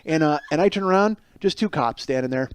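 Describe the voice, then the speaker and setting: A man's voice: a little high, expressive, brisk, a little hiss or hum. A man hosting a podcast, telling a profane, self-mocking comic story alone and acting out the people in it. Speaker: podcast host. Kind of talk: comedic storytelling monologue.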